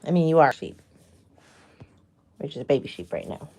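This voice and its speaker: A woman's voice: deep voice, very animated, fairly quick, warm tone, husky. Playful woman cooing at farm animals. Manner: cooing baby talk to animals, playful teasing. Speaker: farm vlogger. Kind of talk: casual chat to animals.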